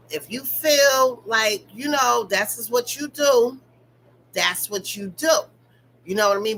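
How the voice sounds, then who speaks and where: This is a young woman gossiping about reality TV. Her voice is bright and carries an edge. She talks right to her audience and swears easily, over a faint hum in the background. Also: mid-range voice, low-quality recording. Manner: animated, profane, talks straight to viewers. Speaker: commentary channel host. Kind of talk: casual reality-TV gossip commentary.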